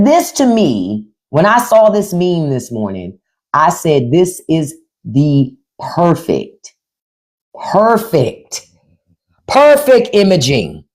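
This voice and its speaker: Blunt, lively woman ranting to viewers. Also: lowish voice. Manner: blunt, profane and sarcastic, addressing viewers directly; repeats phrases for emphasis. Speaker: livestream host. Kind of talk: unscripted livestream commentary.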